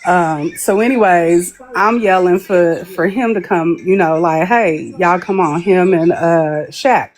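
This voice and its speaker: Speaking slowly with hardly any pauses, a woman with a lowish, slightly mellow voice shares a long story as a live-stream guest. Her telling is chatty and laugh-filled, and she performs the lines of the people she quotes.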